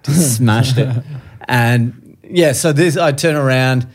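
A man's voice: medium pitch, slow pace. A man, a comedian guest telling a profane story on a podcast and laughing through it.

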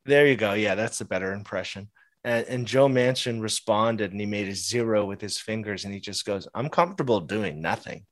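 A chatty man with a lowish voice talks politics on a podcast. He laughs easily and trips over his words now and then. The sound is dry and close, with no room around it. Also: steady tone, fairly quick, no echo. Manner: chatty, laughs often, many restarts. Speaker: podcast co-host. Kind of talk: casual political chat.

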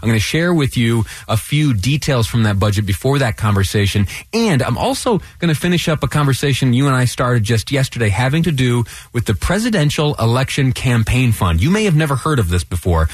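A man hosting a radio talk show, speaking earnestly and a little haltingly, with restarts and fillers. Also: mid-range voice, very animated, slightly rough, no echo.

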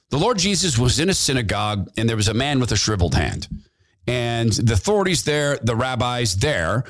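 A man's voice: medium pitch, fairly bright tone. Guy ranting on his podcast, voice swings up and down a lot, preachy and fired up. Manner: fervent, repetitive, preachy. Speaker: podcast host. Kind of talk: impassioned political commentary.

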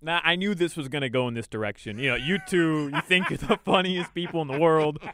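A man's voice: a little high, brisk, sharp tone, slight background noise. A man co-hosting a sports talk show, joking back in a self-assured, defensive way during casual banter. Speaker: sports radio co-host.

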